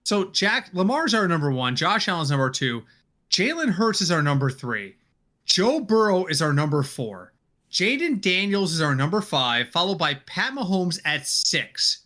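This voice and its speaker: Male podcast host, animated and bright, chatty casual delivery. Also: high-pitched, normal speed. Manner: animated, leads the discussion with questions. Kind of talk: casual fantasy football chat.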